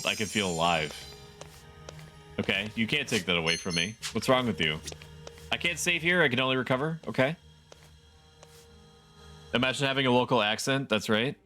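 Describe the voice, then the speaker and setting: A young man chats his way through a game stream, rambling and poking fun at himself with chuckling asides. His voice sits at an ordinary middle pitch. Game music plays clearly behind him. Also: sharp tone. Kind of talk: casual gaming stream commentary.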